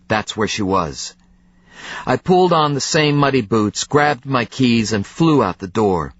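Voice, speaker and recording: Male narrator for a first-person thriller audiobook, measured and tense, dry close sound. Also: mid-range voice, a bit bright, no room sound, dull audio.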